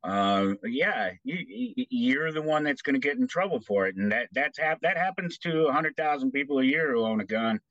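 A male podcast guest who rants bluntly, padding his talk with fillers. His voice is middle-pitched and comes through a dry, dull, lo-fi recording. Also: animated, normal speed, hardly any pauses, a bit bright, no room sound. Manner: blunt, ranting, heavy on fillers. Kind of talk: casual podcast chat.

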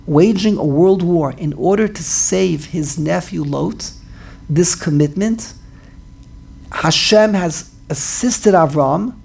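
Woman giving a Bible lesson, fairly low voice, earnest, restarts phrases as she explains. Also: gravelly, darkish tone, husky. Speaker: Torah teacher. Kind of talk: lecturing a Bible class.

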